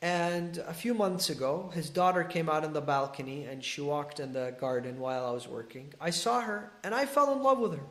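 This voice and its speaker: A man's voice: on the high side, moderate pace, few pauses, a bit bright, echoey room, pitched below the performer's own voice, natural voice. A man voicing a desperate, lovesick young male gardener who pleads in an agitated way.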